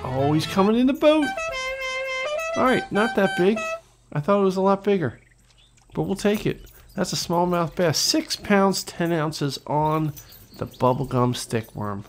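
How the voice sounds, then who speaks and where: A man hosting a fishing game let's-play, joking and talking the viewer through each cast with sudden bursts of excitement. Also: high voice, measured pace, faint music behind. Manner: jokey, excitable, talks to the viewer. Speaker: gaming channel host.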